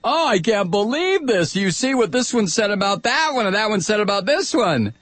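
A man's voice: high-pitched, big pitch swings, a bit bright, dry recording, voice pushed up, heavily acted. A man mocking a whiny TV pundit. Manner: whining, drawn-out.

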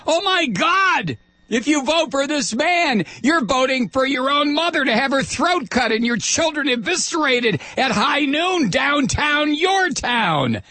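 A man's voice: very high-pitched, sing-song, measured pace, sharp tone, no room sound, pitched above the performer's own voice, heavily acted. A man doing a frantic attack-ad candidate. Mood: frantic outrage. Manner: frantic, overblown, fearmongering. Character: ranting male political attack-ad candidate.

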